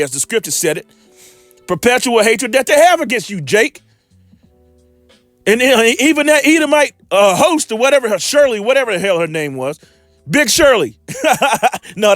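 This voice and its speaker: Fiery high-pitched preacher man. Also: a bit bright, no echo. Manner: heated, profane, rambling asides. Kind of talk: informal scripture commentary.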